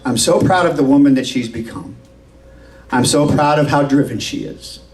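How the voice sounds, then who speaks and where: A man's voice: mid-range voice, moderate pace, darkish tone, far from the mic, low-quality recording. A middle-aged man, father of the bride, giving a heartfelt and tearful wedding toast at a reception. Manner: tearful, heartfelt, repeating himself.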